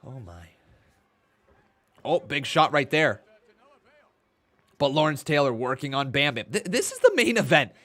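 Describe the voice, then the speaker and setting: A man's voice: on the high side, huge pitch swings, a little slow, pauses often, a bit bright. A man in his twenties chatting on a live stream, reading chat aloud and calling play-by-play, a little tired and yawning. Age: 20s. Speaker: watch-along streamer.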